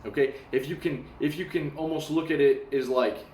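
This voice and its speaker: A young man in a casual storytelling monologue, animated, swearing casually and acting out the voices of people in his story. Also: a little high, moderate pace, a little hiss or hum. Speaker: self-help talker. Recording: echoey room.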